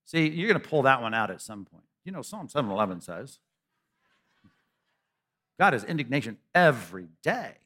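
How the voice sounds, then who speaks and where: A middle-aged man preaching a sermon conversationally, with rhetorical questions, humor and repeated phrases that build to loud peaks. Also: medium pitch. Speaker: pastor.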